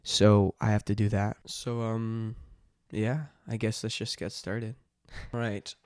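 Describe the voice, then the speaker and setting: A man's voice: lowish voice, flat delivery, slow pace, darkish tone, dry recording, clean studio sound. A man chatting casually to camera as a vlogger and dungeon master. He rambles, with many fillers and restarts. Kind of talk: casual vlog chat.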